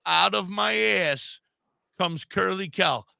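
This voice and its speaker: A man's voice: high voice, slow, vocal fry, sharp tone, dry recording. An older man co-hosting a podcast, telling a funny story in a casual chat and laughing as he goes. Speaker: podcast co-host.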